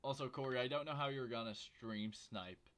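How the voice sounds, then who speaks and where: A man streaming a video game from home, chatting and joking with viewers in a rambling, casual way on a quiet desk microphone. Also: medium pitch, moderate pace, slight background noise. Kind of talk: casual livestream commentary while gaming.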